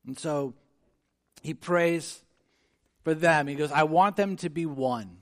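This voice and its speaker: A man preaching a sermon, earnest and conversational, moving from quiet reflection to emphatic, rising delivery. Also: a little high, slow pace. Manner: conversational with frequent restarts. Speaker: pastor.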